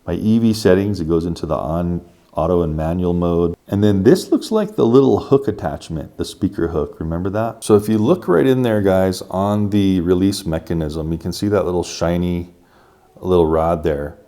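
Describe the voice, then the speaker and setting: A man's voice: sits low, normal speed, dark tone. A man casually talking viewers through a gadget review and setup, step by step with enthusiasm. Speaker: tech reviewer.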